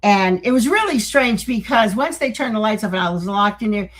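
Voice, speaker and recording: A middle-aged woman co-hosting a paranormal talk show, telling a story in a casual, animated way and laughing often. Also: medium pitch, brisk, poor audio. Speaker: podcast co-host.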